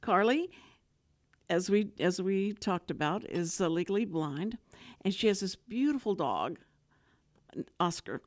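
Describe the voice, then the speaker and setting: A woman hosts a talk radio show. She tells stories with an animated, chatty delivery. Her voice rises and falls widely as she talks. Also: medium pitch, measured pace, pauses often, no room sound, studio quality. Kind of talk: casual radio chat.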